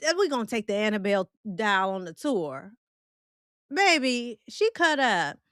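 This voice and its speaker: Bright-voiced, joking woman live-streamer. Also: medium pitch, unhurried, smooth, dry recording, clean studio sound. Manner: animated, blunt and joking, with frequent laughter; loose, colloquial Southern-tinged phrasing. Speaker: host of a film and celebrity live stream. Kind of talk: casual live-stream chat, reading viewer comments.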